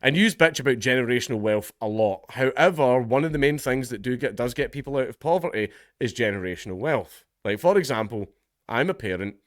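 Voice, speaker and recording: A man's voice: medium pitch, animated, fairly quick, no room sound. Sardonic Scottish man, dry sound. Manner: sardonic, laughs often while talking. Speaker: political commentator. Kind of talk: casual commentary vlog.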